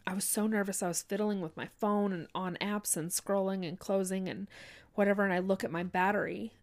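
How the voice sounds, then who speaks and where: A woman telling a heartfelt personal faith story in an earnest, halting way, full of restarts and fillers like "you know". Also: mid-range voice, steady tone.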